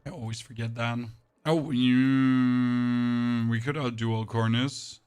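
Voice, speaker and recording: Monotone man streaming a game. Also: mid-range voice, normal speed. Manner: monotone, dry delivery. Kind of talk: casual live-stream chat while gaming.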